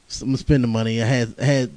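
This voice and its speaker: This solo podcast host is a young man who curses frequently, laughs as he tells stories, and wanders from point to point in a tired way. His medium-pitched voice is a little mellow, and the poor-quality recording has no echo.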